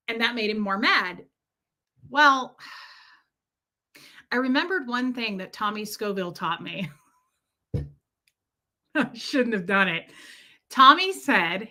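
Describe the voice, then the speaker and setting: A woman streamer telling a story to her viewers in a casual, animated way, laughing often and swearing freely. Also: on the high side, slow pace, long pauses. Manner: animated, laughing, lots of profanity.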